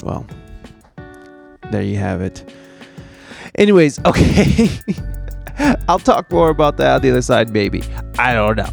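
A man's voice: mid-range voice, lively intonation, unhurried, creaky, pauses often, faint music behind. A man hosting a podcast livestream, chatting casually and rambling, with frequent laughs. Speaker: podcast host.

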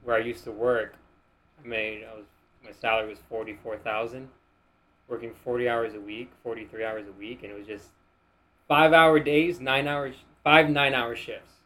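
A man's voice: medium pitch, flat delivery, normal speed, pushed and bright, rough recording. A young man from Miami with the accent to match chats on a podcast in an easy, rambling way, leaning on "like" as he searches for words. His voice sits in a middle register. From Miami, United States. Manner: loose, rambling, heavy use of "like". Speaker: podcast guest. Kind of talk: casual podcast chat.

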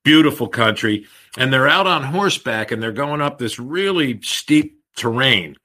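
Man in his 60s, bright forceful tone, lively anecdote teller, casual podcast chat. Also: mid-range voice, normal speed. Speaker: podcast co-host.

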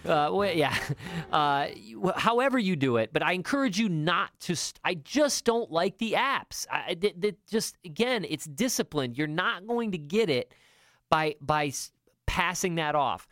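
A man's voice: a little high, lively intonation, unhurried, fairly bright tone, dry recording, clean studio sound. A middle-aged man hosting a talk show, giving emphatic, coaching money advice with many fillers and restarts. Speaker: podcast host.

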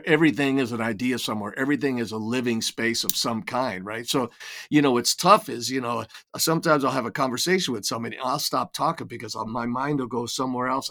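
A man's voice: mid-range voice, a bit bright. An older man as an interview guest, telling reflective stories in a casual way with frequent restarts and repeated words. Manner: reflective storytelling with many restarts. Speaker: guest, writer and creator.

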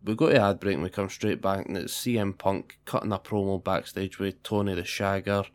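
A man's voice: low voice, steady tone, brisk. Swearing, chatty male podcast host. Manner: profane, chatty banter. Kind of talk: casual podcast chat.

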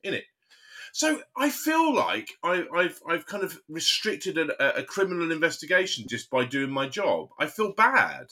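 A man co-hosting a podcast, telling animated stories in casual chat. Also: on the high side, moderate pace, few pauses. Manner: animated storyteller, acts out phone calls. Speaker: podcast co-host.

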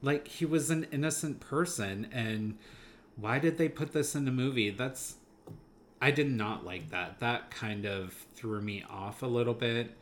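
A man's voice: medium pitch, measured pace, slight background noise. A man chatting casually about a movie he saw, enthusiastic and rambling, laughing now and then. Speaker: movie podcast co-host. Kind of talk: casual movie review chat.

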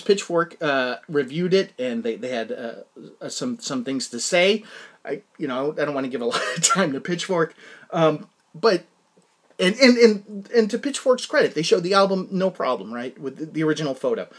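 Animated rambling male podcast host. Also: a little high, moderate pace. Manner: rambling, many restarts, gets heated and ranting. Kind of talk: solo podcast monologue.

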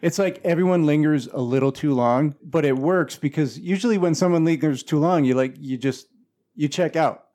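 A man with a mellow, somewhat high voice co-hosts a casual film chat. He speaks in a measured way and often just agrees. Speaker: podcast co-host.

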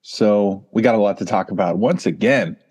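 A man's voice: fairly low pitch, normal speed, a little mellow, husky. Upbeat sports podcast host, a man. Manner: upbeat, laughs often. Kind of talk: casual sports podcast chat.

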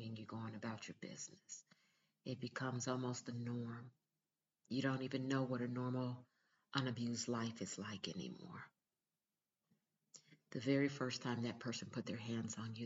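A woman's voice: a bass voice, muffled recording, a little hiss or hum. A mother talking straight to her viewers in a casual vlog, earnest, emphatic and direct. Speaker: mother giving relationship advice.

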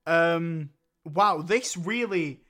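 Jokey young man, slightly high voice. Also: drawn-out words, a bit bright. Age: young adult. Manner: laughs often, jokey, mimics film characters. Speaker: podcast co-host. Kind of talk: casual film review chat.

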